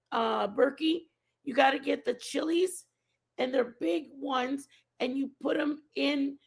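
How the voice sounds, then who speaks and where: A woman's voice: high-pitched, vocal fry. A woman hosting a casual live stream, rambling and chatting with her viewers and answering their messages by name.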